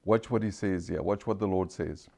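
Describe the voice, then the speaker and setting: A pastor with an accent preaching a sermon, slowing right down to stress key phrases, calling out for amens and putting questions to the congregation. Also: male voice, sits low, gravelly, darkish tone. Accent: non-standard English accent.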